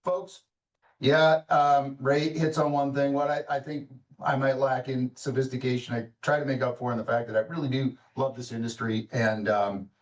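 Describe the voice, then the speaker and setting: A man's voice: mid-range voice, level tone. Rambling man in a roomy room. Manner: rambling, halting, full of restarts. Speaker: webinar host. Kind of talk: casual webinar chat. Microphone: video call. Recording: roomy, distant mic.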